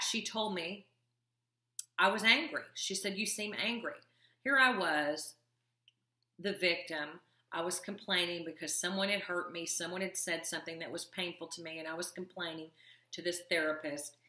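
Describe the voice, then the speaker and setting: Woman self-help coach, confiding talk to camera, bright voice, roomy echo. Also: lowish voice, normal speed. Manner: earnest, confiding, wry asides.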